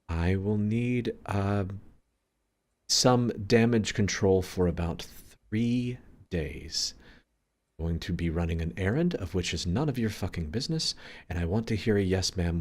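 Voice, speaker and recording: A man voicing a bossy, foul-mouthed eldest daughter. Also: deep voice. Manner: curt, swearing, commanding.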